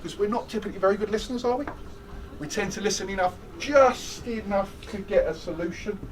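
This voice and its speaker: Brisk and high-voiced, this man runs a stress management workshop, joking around, chatting, and quizzing the audience in an animated, lively way. He's far from the mic, and the low-quality recording has a bit of background noise.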